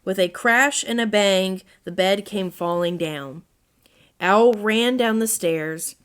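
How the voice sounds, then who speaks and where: Woman, children's storybook narrator, slow, gentle, medium pitch. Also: clear, resonant tone.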